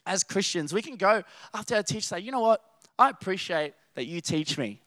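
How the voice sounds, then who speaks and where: A young Australian man preaching a casual sermon, rambling and animated, telling stories with laughter and restarts. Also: high voice, fairly quick, dry recording, clean studio sound. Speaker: youth preacher.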